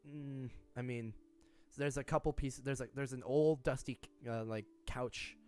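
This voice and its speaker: A man in the game master's seat, describing scenes in an easygoing, meandering way with plenty of "um" and "you know". His voice sits at an ordinary middle pitch, and soft music plays faintly underneath. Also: unhurried, clean tone. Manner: relaxed, rambling, lots of fillers and laughs. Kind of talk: narrating a tabletop game.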